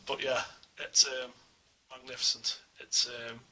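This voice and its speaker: A man's voice: medium pitch, little pitch movement, measured pace, bright, forceful tone. A man at home reviewing a collectible statue in a casual, enthusiastic, rambling way, full of fillers, recorded on a small camera mic. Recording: distant mic with faint hiss.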